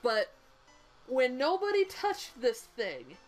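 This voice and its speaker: A young woman with a Southern US accent tells a story in casual co-host chat, her voice pitched a little high. She rambles, talks bluntly and swears freely. Faint game music plays underneath. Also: wildly swooping pitch, slow, rough recording.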